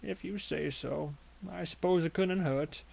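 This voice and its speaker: A man voicing a shy, gentle old man, speaking slowly, softly and hesitantly. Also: a little high, gravelly, slightly rough, full character voice. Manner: slow, soft and hesitant.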